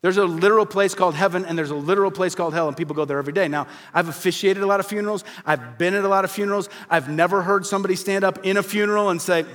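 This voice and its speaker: Preaching with sincerity and directness, a male pastor whose voice sits high asks rhetorical questions. He slows down to press key phrases softly.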